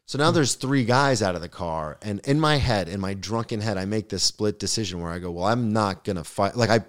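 A man's voice: fairly low pitch, a little fast. A young man, a podcast guest, telling a comedic story with lots of swearing and acted-out quotes. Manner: animated, swearing, acts out the quotes.

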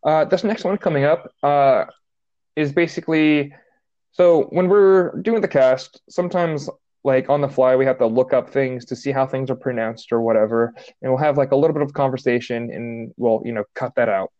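A man's voice: medium pitch, moderate pace, a little mellow. Rambly male podcast co-host, lo-fi. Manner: rambling, lots of "like" fillers. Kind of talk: casual podcast chat.

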